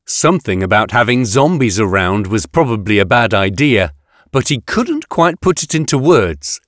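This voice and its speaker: A man narrating a science-fiction audiobook in an expressive reading on a close studio mic. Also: fairly low pitch, moderate pace, no echo.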